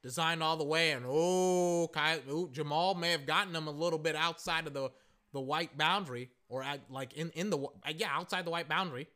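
A man giving casual live reaction commentary while watching a football game, rambling and calling plays excitably as they happen. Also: on the high side, brisk.

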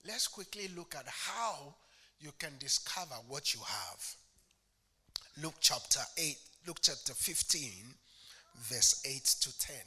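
A man preaching a sermon, asking the congregation questions and swinging from hushed asides to shouted declarations. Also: fairly high pitch, lively intonation, takes it slowly, pauses often. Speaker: pastor.

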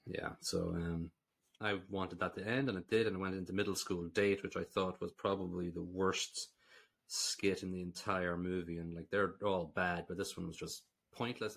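A very low-voiced Irish man chats casually on a film podcast. He recaps scenes at length and gives blunt, dismissive verdicts. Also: fairly bright tone. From Ireland. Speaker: podcast co-host. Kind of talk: casual film review chat.

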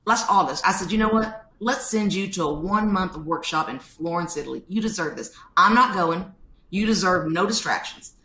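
A woman, a podcast guest telling stories in an animated way and acting out quotes. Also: fairly low pitch, moderate pace, roomy sound. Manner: animated storytelling, acts out quotes. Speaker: guest author. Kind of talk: podcast interview.

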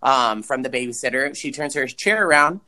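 A man co-hosting a podcast, chatting casually and swearing as he recaps a movie with big pitch swings for emphasis. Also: lively intonation, brisk, pushed and bright. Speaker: podcast co-host.

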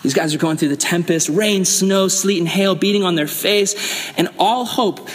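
A young man gives a youth sermon in a fairly high voice. He tells stories with animation and acts out the voices in them. Long reverb from the hall hangs on each line. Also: moderate pace. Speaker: youth pastor.

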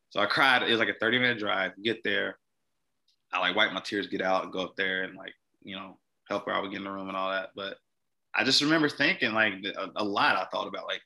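Young man, interview guest, low gravelly voice, rambling earnest storytelling, lots of "like". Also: steady tone, fast, pushed and bright, rough recording. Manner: rambling, heavy use of "like", earnest. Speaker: podcast guest. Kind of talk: personal story in casual conversation.

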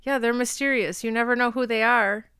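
A woman's voice: fairly high pitch, steady tone, brisk, background noise. A woman co-hosting a podcast, telling stories in casual chat with lots of fillers. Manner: chatty storyteller, lots of fillers. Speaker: podcast co-host.

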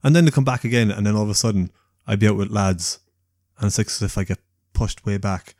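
A young man on a podcast, relaxed and casual, swearing freely. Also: on the low side, fast talker, dry recording, clean studio sound. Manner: relaxed, swears freely, short backchannel replies. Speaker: podcast co-host. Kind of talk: casual chat.

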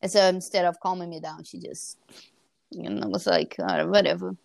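A woman's voice: fairly low pitch, lively intonation, moderate pace, vocal fry, dry recording. A woman in her thirties in casual chat, telling stories animatedly and acting out the voices she quotes. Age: 30s.

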